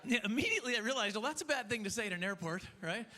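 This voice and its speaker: A man doing a stand-up comedy set on stage, telling self-mocking stories in an animated way. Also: high voice, rapid-fire, background noise. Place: comedy festival stage before a live audience.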